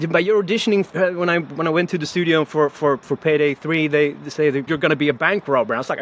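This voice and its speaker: Animated storytelling man, slightly high. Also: quick pace, few pauses. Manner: animated storyteller, many restarts and laughs. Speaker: voice actor guest. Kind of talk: casual interview chat.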